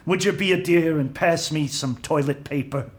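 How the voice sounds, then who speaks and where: A man imitating a glamorous, tipsy old movie star woman who drawls slowly and calls everyone darling. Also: on the high side, close to an everyday voice. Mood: drawling.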